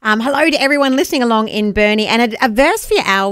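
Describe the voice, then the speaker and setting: A woman with a New Zealand accent co-hosting breakfast radio and reading scripture, bubbly and quick to laugh, on a studio microphone. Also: a little high, animated, fairly bright tone, clear, resonant tone, no echo. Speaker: radio co-host.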